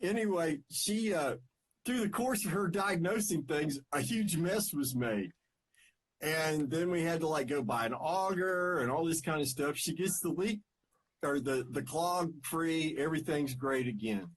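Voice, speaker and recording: A man, co-hosting a podcast, relaxed and rambling as he greets viewers and tells stories. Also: a little high, unhurried, husky. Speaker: podcast co-host. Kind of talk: casual chat on a live stream.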